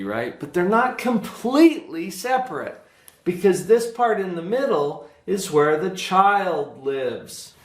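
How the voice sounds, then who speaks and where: A man's voice: fairly high pitch, echoey room. A man giving a parenting workshop as a child psychologist, speaking emphatically and often checking in with his listeners.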